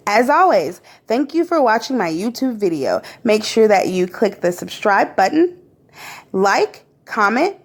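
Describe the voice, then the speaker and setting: A woman, talking through a casual vlog in an excitable, gushing way, often laughing. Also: mid-range voice, normal speed, noisy background. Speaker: vlogger.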